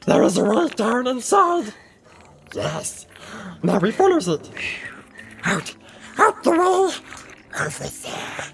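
A man voicing a wretched, sly male creature who croaks, whispers and wheedles, talking of himself in the third person in a singsong way. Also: extremely high pitch, huge pitch swings, slow, long pauses, fairly bright tone, voice pushed up, exaggerated voice. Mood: eager.

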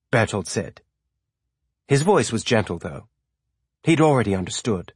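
A man reading a novel aloud as audiobook narrator, in a steady storytelling manner. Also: lowish voice, moderate pace, pauses often, husky, dry recording, clean studio sound. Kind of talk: scripted narration.

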